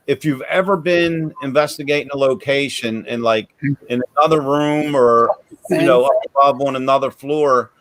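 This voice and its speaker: This man hosts a paranormal podcast and chats casually, often restarting his sentences and repeating words as he begins them. His voice is mid-range and fairly bright, with no echo.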